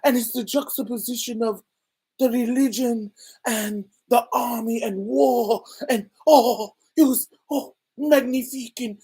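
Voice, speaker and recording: A woman's voice: fairly high pitch, fairly even intonation, measured pace, mellow, husky, pitched above the performer's own voice. A woman voicing a gushing female art critic with a foreign accent, full of rapturous praise.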